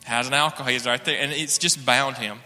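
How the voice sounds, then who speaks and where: A man's voice: medium pitch, steady tone, a little fast, bright, forceful tone, long reverb tail, faint music behind. A man sharing an earnest personal testimony in church, acting out the dialogue as he tells it. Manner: earnest storytelling, acts out dialogue.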